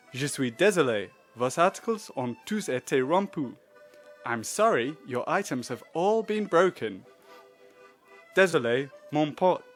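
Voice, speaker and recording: Male actor as stiff, slow instructional tape voice, lively pitch. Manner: slow, overly formal instructional reading. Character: slow, pompous male language-tape narrator.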